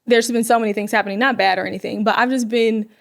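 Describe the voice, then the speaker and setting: Higher-voiced woman hosting a faith podcast. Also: steady tone, fast talker, creaky. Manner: emotional, effusive, drops to whispers when moved. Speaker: podcast host. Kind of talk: casual faith conversation.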